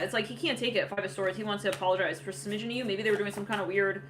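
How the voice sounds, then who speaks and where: A woman's voice: medium pitch, steady tone, very fast, hardly any pauses, a bit bright, a little hiss or hum. A woman giving a casual tarot reading, rambling with lots of fillers and frequent laughter. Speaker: tarot reader.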